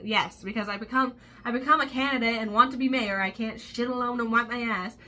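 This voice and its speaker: A woman's voice: a little high, brisk. A woman doing a crude, sardonic candidate. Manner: loud, sardonic. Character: blunt, crude female mayoral candidate.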